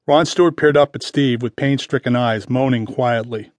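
A man reading a detective novel aloud as its audiobook narrator, in measured, even scripted narration. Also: medium pitch, no echo, clean studio sound.

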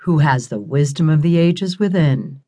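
A woman playing a smug, slow-talking crystal skull. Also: low-pitched, expressive, mellow. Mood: smug teasing. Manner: slow, leisurely, sprinkles French words.

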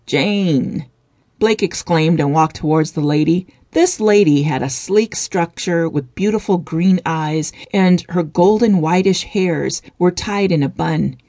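A woman's voice: fairly low pitch, warm tone, no echo, studio quality. Woman narrating a romance audiobook.

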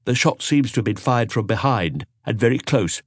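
A man's voice: medium pitch, expressive, moderate pace, slightly rough, no echo, studio quality, voice pushed up. A man reading an audiobook, voicing a timid young police inspector who reports nervously and stumbles over words. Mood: reporting. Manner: nervous, stammering.

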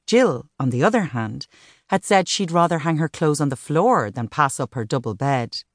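Woman reading an audiobook, low voice, measured and even, dry studio sound. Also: dry recording. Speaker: audiobook narrator. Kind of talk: scripted narration.

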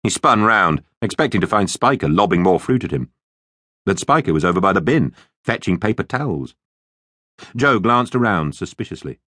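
A man narrating a children's story in an expressive, lively way, recorded on a close studio mic. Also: low voice, normal speed, no room sound. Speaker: audiobook narrator.

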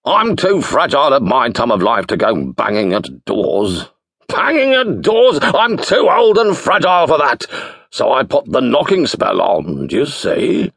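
A man doing a booming, deaf old wizard. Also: huge pitch swings, measured pace, gravelly, a bit bright, breathy edge, dry recording, studio quality, exaggerated voice. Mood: bellowing. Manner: bellowing, self-satisfied. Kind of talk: audiobook character voice.

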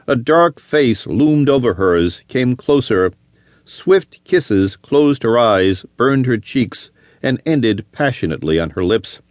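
Guy narrating a western audiobook, lowish voice that moves a lot, dry close sound. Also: dry recording. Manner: expressive storytelling. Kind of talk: scripted narration.

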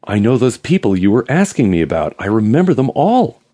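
A male audiobook narrator voicing an excitable, gossipy man with a twittering, breathless way of talking that swings from coy to sharp. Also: deep voice, normal speed, husky. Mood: breathless excitement. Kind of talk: audiobook character voice.

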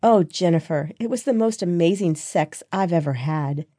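A woman voicing a young heroine who speaks softly and with contented sighs in an audiobook. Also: on the low side, lively intonation, normal speed, no room sound, clean studio sound. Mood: dreamy. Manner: soft, sighing, contented.

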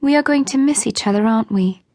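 A woman reading the part of a kind young governess, speaking softly and gently in an audiobook. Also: fairly high pitch, quick pace, no room sound, clean studio sound, voice pushed up, natural voice. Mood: tender. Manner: soft and gentle.

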